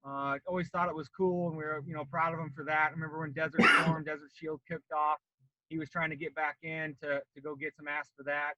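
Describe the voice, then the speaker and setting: A former Marine from Colorado, a man in his late thirties, casually tells a long story on a podcast. His voice is a little high and a little fast, and he animatedly acts out the voices of the people in it. The audio sounds dull.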